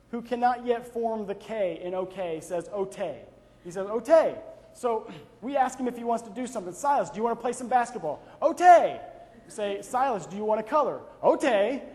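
A man's voice: high-pitched, darkish tone. A young man giving a conversational devotional talk full of personal anecdotes and "right?" asides. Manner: conversational, frequent "right?" tag questions. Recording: long reverb of a large hall.

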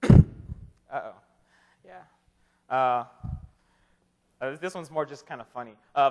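A man's voice: medium pitch, slow pace, pauses often, darkish tone. A young man preaching a casual, humorous sermon to a live audience, joking in a conversational way and often repeating his words. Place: chapel or hall with an audience. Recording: long hall reverb.

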